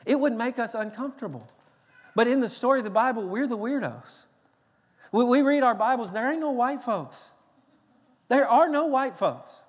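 A male pastor with a Tennessee Southern accent, preaching a sermon in a lively, joking, emphatic way with quick restarts. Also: extremely high pitch, husky. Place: large church sanctuary. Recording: long reverb of a large church hall.

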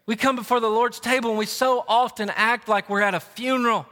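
A man's voice: extremely high pitch, fairly even intonation, brisk, pushed and bright. A male pastor preaching an impassioned sermon, pressing rhetorical questions on his listeners. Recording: long church reverb.

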